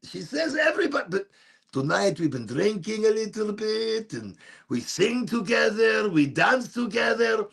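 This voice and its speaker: A man voicing his excited older mother, gushing in broken English phrasing. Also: sits high, measured pace, gravelly, breathy edge, pitched above the performer's own voice, heavily acted.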